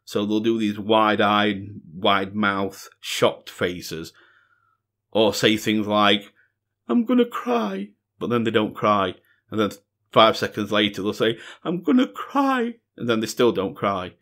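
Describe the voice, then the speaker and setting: Man, middle-aged, lowish voice, earnest, repeats himself for emphasis, casual monologue. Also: little pitch movement, unhurried, a bit bright. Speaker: music reaction channel host.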